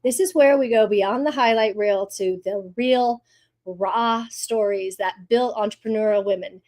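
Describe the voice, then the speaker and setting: A woman's voice: medium pitch, a little slow, a little mellow. A woman hosting an interview podcast, upbeat, asking open questions. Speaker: podcast host.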